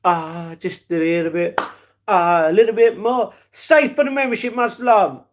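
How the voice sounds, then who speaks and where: Against a noisy background, a young man speaks in a fairly high voice with fairly even intonation and an unhurried pace. He reads and answers stream comments in a chatty, rambling, affectionate manner, addressing viewers as "darling" and "mate."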